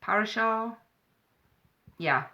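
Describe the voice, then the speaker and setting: Woman, tarot reader on a live stream; bright, forceful voice, blunt and affectionate. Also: medium pitch, lively intonation, very slow, muffled recording. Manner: chatty, calls viewers darling and sweetheart; blunt, frank advice with swearing.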